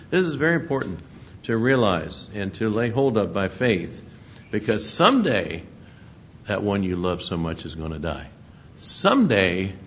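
Low-voiced male preacher, muffled recording. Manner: reads scripture aloud with emphatic rises, chuckles between points. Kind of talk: sermon. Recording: muffled lo-fi recording with faint rumble.

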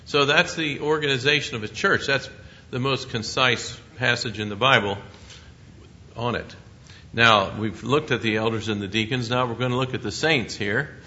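A man leading a Bible study, explaining scripture in a measured, teaching manner. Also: mid-range voice, pushed and bright. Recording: muffled lo-fi recording.

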